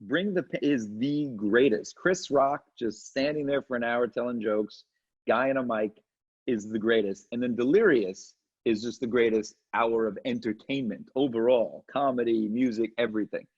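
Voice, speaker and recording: A middle-aged comedian telling lively stories in an interview, slipping into quick impressions. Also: male voice, medium pitch, husky. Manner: animated anecdotes with quick impressions. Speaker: comedian guest. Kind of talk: storytelling interview chat. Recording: muffled lo-fi audio.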